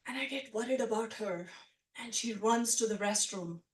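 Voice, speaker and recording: A woman's voice: on the high side, moderate pace. Chatty woman storyteller in a roomy hall. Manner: chatty and animated, full of "like" and "you know". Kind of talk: personal storytelling at a live story swap. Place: storytelling event room with a live audience. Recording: roomy sound from a distant mic.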